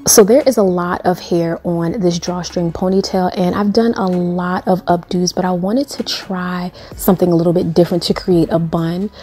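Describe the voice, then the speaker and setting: A woman's voice: lowish voice, mellow, breathy edge. A young woman talking through a hair tutorial in a sassy, playful, chatty way. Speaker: beauty vlogger.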